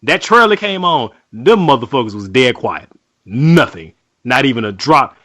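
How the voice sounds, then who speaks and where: A man who is a guest on a casual podcast, wry and deadpan, swearing as he tells his story. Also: medium pitch, moderate pace, no echo.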